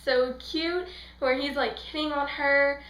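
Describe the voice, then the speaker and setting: A woman's voice: high voice, fairly even intonation, takes it slowly, fairly bright tone. Gushing young woman in an echoey room. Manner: gushing, rambling, acts out scenes in quoted voices. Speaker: book and film reviewer. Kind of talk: casual fangirl review.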